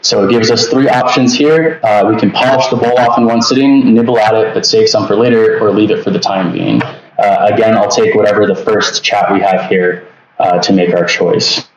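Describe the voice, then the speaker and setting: A man's voice: on the low side, normal speed. A man leading an online workshop as instructor, talking through a walkthrough with lots of fillers and restarts. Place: home setup on a video call. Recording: distant echoey lo-fi recording with noise.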